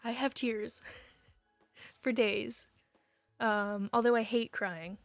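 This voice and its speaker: A young woman with a somewhat high voice chats casually on a live stream, reading viewer messages and reacting with open emotion. The sound is dry and close, with faint music playing softly behind her. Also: fairly even intonation, no room sound. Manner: emotional, chatty, quick to say she will cry.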